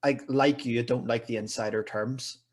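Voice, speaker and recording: A man as a podcast guest in casual wrestling chat, giving relaxed, measured opinions. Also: mid-range voice.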